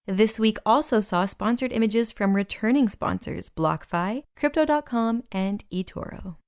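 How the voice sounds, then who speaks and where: Woman host reading weekly news off a script, dry close mic, middle pitch. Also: darkish tone, smooth, no room sound. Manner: brisk scripted read of announcements and lists. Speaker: podcast host.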